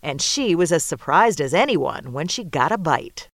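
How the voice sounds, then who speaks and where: A woman correspondent reading scripted narration for a news magazine feature in a lively storytelling manner. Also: low voice, normal speed, no room sound, clean studio sound.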